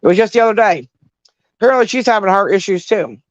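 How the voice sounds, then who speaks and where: Middle-aged woman on a call, swears freely, animated storyteller, dry and dull lo-fi sound. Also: medium pitch, fast, no room sound. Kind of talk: casual chat.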